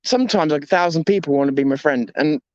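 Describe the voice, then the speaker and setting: Male vlogger, high voice, rambling reflective monologue, candid and self-deprecating, dull lo-fi recording. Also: quick pace, no room sound. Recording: dull lo-fi dry sound.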